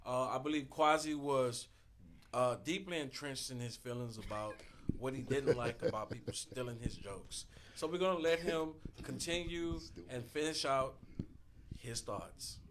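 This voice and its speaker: A man hosting a panel podcast, welcoming listeners and steering the talk briskly. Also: mid-range voice, fairly bright tone, slight background noise. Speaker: podcast host.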